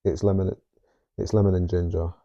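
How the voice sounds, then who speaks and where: A man's voice: deep voice, flat delivery, fairly quick, dark tone. A man from South Manchester with a Manchester accent, co-hosting a podcast in casual, teasing banter. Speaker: podcast co-host. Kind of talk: casual chat. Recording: dull lo-fi recording.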